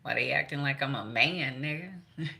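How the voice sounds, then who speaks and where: Brief: low, bright-edged woman giving a profane, chatty tarot reading. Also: normal speed, gravelly. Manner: blunt and profane, laughs between points. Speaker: tarot reader. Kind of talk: casual spiritual reading, profane.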